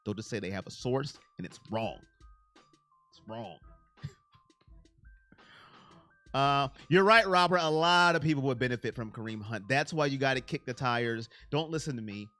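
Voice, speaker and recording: A man hosting a casual live stream on sports, answering his viewers' chat by name in an animated, self-confessed emotional way. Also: mid-range voice, moderate pace, pauses often, faint music behind.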